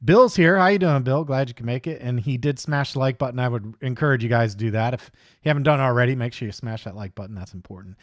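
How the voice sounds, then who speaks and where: A man's voice: mid-range voice, quick pace, no room sound, studio quality. A middle-aged man hosting a live hobby stream, chatting casually in a rambling, easygoing way and greeting viewers by name. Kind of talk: casual livestream chat.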